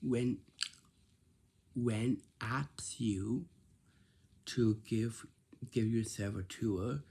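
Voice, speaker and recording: A man with a slow, husky, fairly low voice delivers a casual advice monologue. He repeats himself and scolds gently, tossing in "right?" to check that listeners follow. His tone is soft and mellow. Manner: repetitive, scolding, lots of "right?". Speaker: vlogger giving workplace advice.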